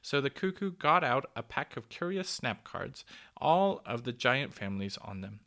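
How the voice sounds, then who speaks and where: A man reading a children's story aloud in a gentle, measured way. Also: medium pitch, very animated, gravelly.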